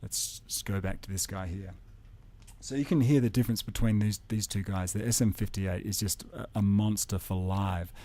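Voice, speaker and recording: In this spoken tutorial, an audio engineer in a home studio moves around a close-range studio condenser mic while casually explaining how to use it. He talks at a normal speed in a lowish voice.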